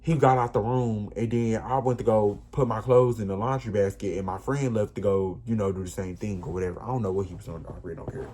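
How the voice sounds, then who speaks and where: A man casually telling a personal story, animated and emphatic, often repeating himself. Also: on the low side, fast, few pauses. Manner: animated, repetitive, emphatic retelling.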